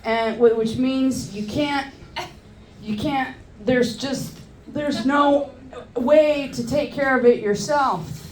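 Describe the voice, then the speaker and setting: Woman comic on stage, kinda high voice, raunchy rambling stories, little hiss in the background. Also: a little mellow, echoey room. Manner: crude, loose storytelling with crowd work. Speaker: stand-up comedian. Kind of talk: stand-up comedy set.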